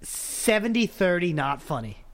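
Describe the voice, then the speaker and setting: A man's voice: high voice, big pitch swings, unhurried, creaky. A man co-hosting a casual podcast, dropping dry, teasing remarks. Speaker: podcast co-host.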